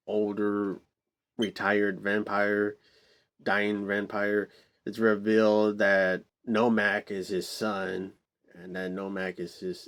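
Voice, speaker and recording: A man's voice: fairly low pitch, fairly bright tone. A man giving a casual, rambling movie review, swearing a lot, with many fillers and restarts and exasperated outbursts.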